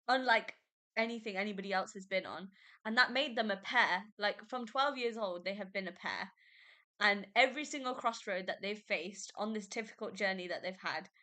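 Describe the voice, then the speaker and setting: Bright, gushing young woman. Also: medium pitch, normal speed. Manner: gushing, excitable, many fillers and laughs. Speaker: podcast host. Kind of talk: casual book review chat.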